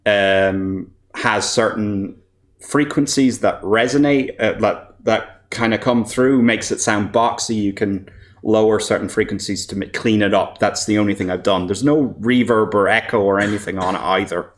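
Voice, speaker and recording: A man, a composer and voice actor, giving a casual presentation at a developer meetup, relaxed and self-deprecating, often laughing. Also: fairly low pitch, normal speed.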